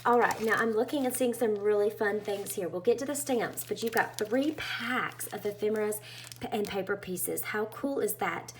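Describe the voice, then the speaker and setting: A woman's voice: mid-range voice, moderate pace, a little hiss or hum. A woman chatting casually as she unboxes a craft kit, gushing and full of fillers. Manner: bubbly and gushing, with many fillers. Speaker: craft vlogger.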